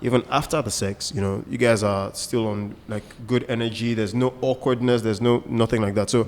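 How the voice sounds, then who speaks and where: A man's voice: mid-range voice, steady tone, a little fast. Man musing in a reverberant room. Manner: explains with examples and asides. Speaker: co-host. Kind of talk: casual podcast chat.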